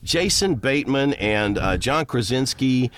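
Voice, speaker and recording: A middle-aged man, a voice actor, rambling through long show-business stories and breaking into quick voices. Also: mid-range voice. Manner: rambling, animated, jumps into character voices. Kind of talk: storytelling interview guest.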